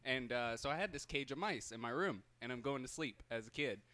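A man's voice: medium pitch, animated, fairly quick, bright, forceful tone, no echo. A young man telling a childhood story in a chatty way to friends. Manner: chatty, quotes his dad and himself. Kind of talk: casual storytelling among friends.

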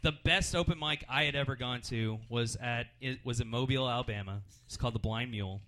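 A man doing a rambling stand-up set at an open mic in a comedy club, jumping up in pitch for his punchlines. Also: fairly quick, sharp tone. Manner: rambling, jumps in pitch for punchlines and put-on voices.

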